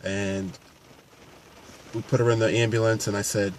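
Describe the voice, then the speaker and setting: A man's voice: fairly low pitch, flat delivery, normal speed, a little mellow, slight background noise. A man, a paramedic and fitness coach, talking earnestly and unscripted to camera with frequent restarts. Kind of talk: casual talk to camera.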